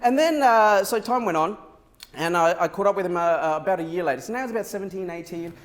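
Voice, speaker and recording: A man giving a motivational keynote on a conference stage, telling a story in a lively way and acting out the dialogue. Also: high-pitched, fast. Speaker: keynote speaker.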